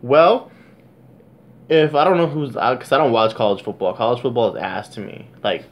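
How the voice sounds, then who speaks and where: A young man ranting into the camera about his football team, his voice sitting at an ordinary middle pitch. He swears constantly and keeps flaring up into loud, high-pitched outbursts before dropping back to a muttered grumble. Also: normal speed. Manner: swearing, exasperated rant with sudden loud outbursts. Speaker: sports vlogger. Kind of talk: casual sports rant.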